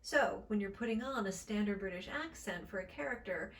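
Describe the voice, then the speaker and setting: A woman's voice: medium pitch, brisk, distant mic. Upbeat woman speech coach teaching accents. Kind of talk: instructional accent lesson.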